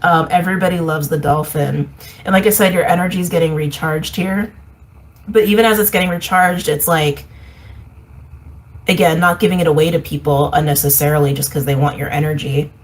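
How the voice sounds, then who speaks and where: A woman giving a casual intuitive reading, meandering and repeating herself, reflective with soft laughs. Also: low voice, fairly even intonation, fairly quick, poor audio. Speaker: intuitive reader.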